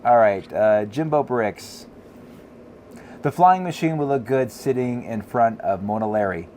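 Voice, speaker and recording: A man co-hosting a podcast, chatting casually, reading viewer comments and telling animated stories with frequent laughter. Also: medium pitch, a little slow, a little hiss or hum. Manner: animated storytelling, laughs often. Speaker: podcast co-host.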